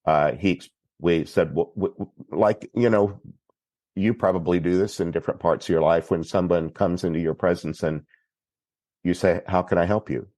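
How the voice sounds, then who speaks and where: A man from Texas, a priest guest on a podcast, telling a story in an unhurried, plainspoken way. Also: low-pitched, steady tone, darkish tone, dry recording. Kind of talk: recounting a story in conversation.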